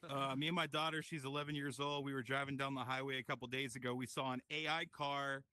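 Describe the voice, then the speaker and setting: A man's voice: medium pitch, fast talker, dry recording. A man performing stand-up comedy, swearing freely and working the crowd with lots of energy. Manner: profane, energetic crowd work. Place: virtual reality comedy club.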